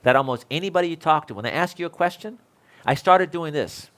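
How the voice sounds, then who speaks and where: A man's voice: on the high side, lively intonation, fast, fairly bright tone. A man in his sixties, an electrical code instructor, talking casually with fellow instructors in a rambling, self-deprecating way and laughing often.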